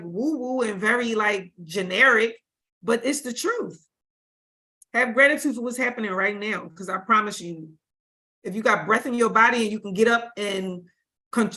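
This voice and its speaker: Bright-voiced woman teaching casually. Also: on the high side. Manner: informal, emphatic, repeats for stress; casual vernacular speech. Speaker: spiritual teacher. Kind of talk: livestream teaching talk.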